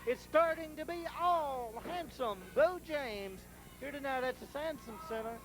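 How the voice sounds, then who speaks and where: A man calling wrestling play-by-play in an excitable way, repeating the wrestlers' nicknames. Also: extremely high pitch, rough recording. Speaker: wrestling commentator. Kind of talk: play-by-play commentary. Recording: tape of a live arena event.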